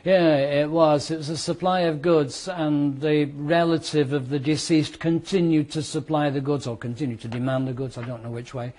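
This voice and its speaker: A man teaching a law class, lively and conversational, asking the students questions and walking them through made-up scenarios. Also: a little high, normal speed, few pauses. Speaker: law lecturer.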